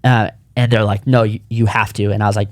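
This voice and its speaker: A man's voice: lowish voice, little pitch movement, quick pace, no echo. A man in his thirties, a podcast co-founder, telling his personal story in casual chat, earnest and rambling with frequent restarts.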